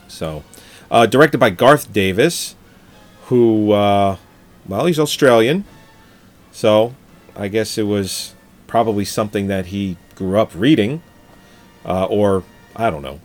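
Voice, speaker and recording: A man's voice: lowish voice, takes it slowly, long pauses, faint music behind. Joking man in casual film chat. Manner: jokey, swears, laughs often, reads article aloud. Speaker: podcast co-host.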